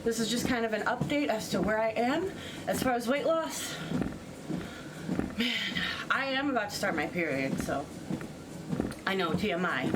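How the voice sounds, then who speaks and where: A woman's voice: medium pitch, heavy background noise. A young woman talking casually in a vlog, rambling with lots of fillers and a bit out of breath. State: out of breath on a treadmill. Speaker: vlogger. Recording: music playing behind.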